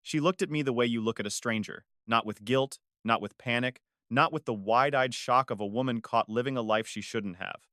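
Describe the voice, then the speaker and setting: A man narrating a first-person dramatic story in a measured, confessional way. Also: medium pitch, bright, forceful tone, no echo, clean studio sound.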